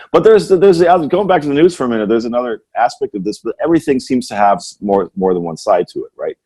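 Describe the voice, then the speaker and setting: A man's voice: medium pitch, lively intonation, quick pace, a little mellow, breathy edge. A man hosting a podcast, chatting casually and musing in a rambling way, often tagging his points with "right?". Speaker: podcast host. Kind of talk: casual conversational chat.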